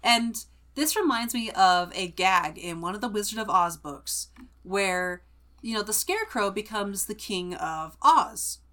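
A woman co-hosting a podcast, summarizing a book in animated, chatty casual talk. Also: mid-range voice, a little slow. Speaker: podcast co-host.

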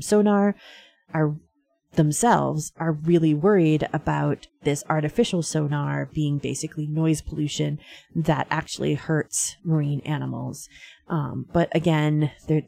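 Female radio host, chatty with fillers, gravelly low voice. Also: mellow, no room sound. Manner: chatty, frequent fillers and laughs. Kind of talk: casual radio talk.

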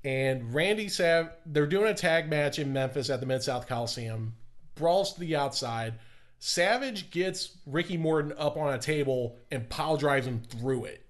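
A man chatting on a casual podcast, his voice sitting a touch high. He talks in an easy, knowing way and delivers his jokes dryly. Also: normal speed. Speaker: podcast co-host. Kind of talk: casual chat.

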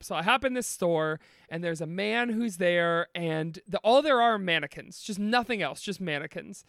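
Bright, animated podcast host. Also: mid-range voice, normal speed, hardly any pauses, no echo, studio quality. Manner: playful, laughing storytelling. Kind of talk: casual comedic chat.

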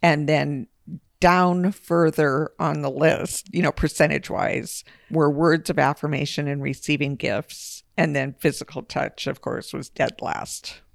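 Woman with a gravelly creaky voice. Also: low-pitched, fairly even intonation, a little slow, no echo, clean studio sound. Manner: candid and emphatic, laughs easily. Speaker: podcast co-host. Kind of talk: casual conversation.

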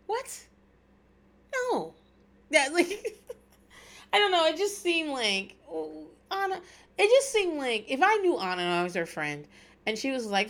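Animated, profane woman chatting, slightly high voice. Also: unhurried, long pauses. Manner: animated, profane, laughs often, rambling asides. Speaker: podcast host recapping reality TV. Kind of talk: casual chat.

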